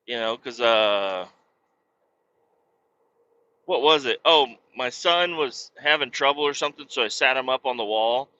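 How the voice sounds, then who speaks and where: Podcast guy in his 30s, cussing a lot, rambly chat, punchy bright voice. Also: mid-range voice, measured pace, pauses often, dry recording, dull audio. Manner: profane, rambling and animated. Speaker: podcast host. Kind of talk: casual storytelling chat.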